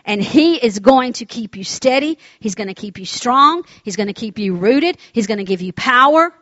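A woman preaching a sermon with insistent repetition and calls for the congregation's response. Her voice sits fairly high. The recording is dry and slightly muffled. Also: expressive, moderate pace, a bit bright, no echo.

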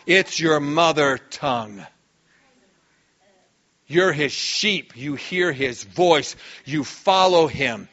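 A male pastor preaching a sermon with lots of energy, dropping low and quiet, then breaking into sudden shouts. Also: expressive, takes it slowly, muffled recording.

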